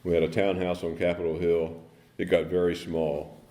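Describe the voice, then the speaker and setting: A man giving a personal recovery story at a speaker meeting, halting, with many ums and restarts. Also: sits low, little pitch movement, dark tone. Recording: echoey meeting room.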